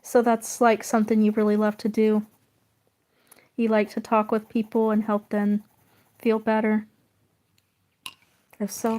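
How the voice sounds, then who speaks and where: A woman streaming while she draws, chatting casually and gently encouraging her viewers. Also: medium pitch, monotone, unhurried, pauses often. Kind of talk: casual chat.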